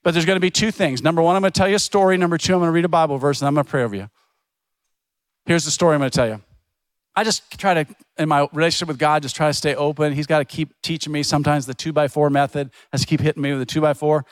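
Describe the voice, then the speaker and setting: A man's voice: a little high, rapid-fire, no echo. A middle-aged man preaching a sermon as a pastor, telling stories in a conversational way and acting out the voices of people he quotes. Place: church.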